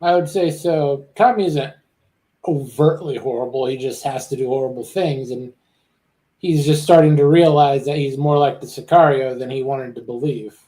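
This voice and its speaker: A man on a casual review panel, giving measured opinions and calmly pushing back. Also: mid-range voice. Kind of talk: casual chat.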